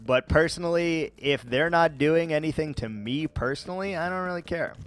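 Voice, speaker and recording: A man casually chatting with viewers while playing a game, rambling and relaxed with many fillers and restarts. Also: on the high side, moderate pace. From United States. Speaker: gaming vlogger. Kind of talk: casual let's-play chat answering viewers.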